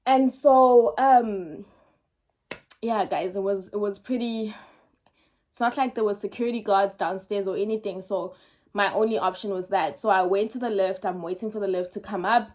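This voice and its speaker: Animated young woman telling a story. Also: mid-range voice, moderate pace. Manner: animated, emphatic, frequent ums and repeated words for effect. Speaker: vlogger. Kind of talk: casual storytime monologue.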